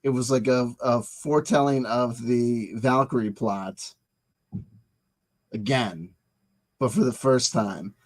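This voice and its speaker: A man with a medium-pitched voice hosts his own channel, going slowly and pausing often as he drifts through history and dates. His manner is digressive and joking; he answers himself and trips over repeated words.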